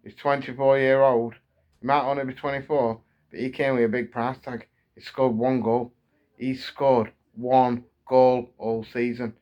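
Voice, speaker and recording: Heated English football fan ranting. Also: male voice, medium pitch, little pitch movement, measured pace, dull audio. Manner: heated, repetitive, building frustration. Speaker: football fan channel host. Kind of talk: angry fan rant to camera.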